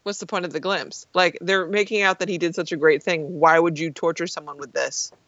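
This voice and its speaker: A man chatting casually about a film, chiming in with quick agreements. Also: on the high side, steady tone, sharp tone, no echo, muffled recording. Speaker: podcast co-host. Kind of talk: casual movie recap chat.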